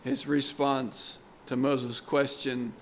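Slow, earnest man preaching a sermon. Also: mid-range voice, little pitch movement, a little hiss or hum. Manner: slow, deliberate and earnest, pressing key words.

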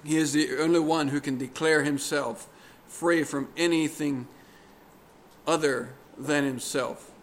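Slow, earnest man preaching a sermon. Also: on the high side, steady tone, a little hiss or hum. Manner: slow, deliberate and earnest, pressing key words.

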